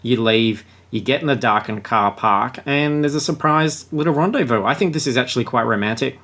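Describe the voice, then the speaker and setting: A man's voice: mid-range voice, fairly quick, a bit bright. A man hosting a podcast, chatting casually and sarcastically about a book and reading passages aloud. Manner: crude, joking, sarcastic. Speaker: podcast host.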